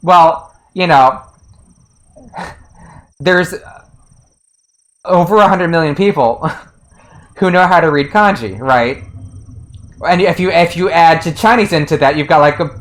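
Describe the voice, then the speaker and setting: A fairly high-pitched man talks casually on his stream. His speech is loose and rambling, with frequent restarts, lots of fillers and easy chuckles. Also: slow pace, long pauses, poor audio. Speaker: game streamer. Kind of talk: casual commentary on a game translation.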